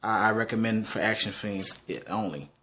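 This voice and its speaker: A man's voice: on the low side, moderate pace, bright, forceful tone. Rambling casual man reviewing a movie. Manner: rambling, lots of restarts and slang.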